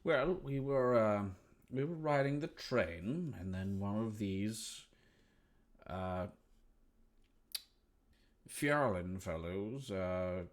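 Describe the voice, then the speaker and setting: Low-voiced man playing a tabletop game. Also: animated, drawn-out words, long pauses. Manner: plodding, rambling recounting. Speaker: player.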